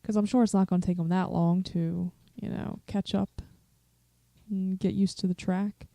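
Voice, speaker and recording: A woman co-hosting a podcast, her mid-pitched voice gravelly and deeply mellow. She talks hesitantly, with plenty of fillers. The sound is dry and close. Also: flat delivery, moderate pace, no echo. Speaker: podcast co-host. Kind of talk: casual chat.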